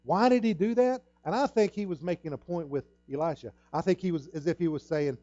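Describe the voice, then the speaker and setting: A middle-aged man preaches with a mellow, rather high voice, telling a story from his own life in earnest, repeating his words. The sound is dry and a bit dull, like a modest lo-fi church recording. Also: brisk, hardly any pauses, no echo. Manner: earnest storytelling, repeats himself, acts out quoted dialogue. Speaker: pastor. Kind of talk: sermon.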